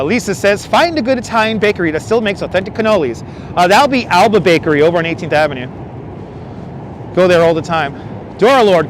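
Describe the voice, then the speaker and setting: A man hosting a live walking stream outdoors, chatting and joking while reading viewer comments aloud, on a wireless lapel mic. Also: high voice. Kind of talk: casual live-stream chat. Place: outdoors walking a windy city bridge. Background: city traffic and passing subway trains.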